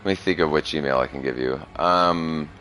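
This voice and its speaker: A man's voice: extremely low pitch, fairly quick, sharp tone, faint music behind. A young man streaming, chatting casually with a young viewer, crude and profane, rambling and laughing often. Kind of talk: casual chat.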